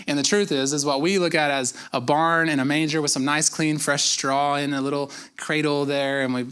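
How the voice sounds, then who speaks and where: A man's voice: on the high side, a bit bright, clear, resonant tone. A man preaching a conversational sermon as pastor, telling the story casually with jokes and asides.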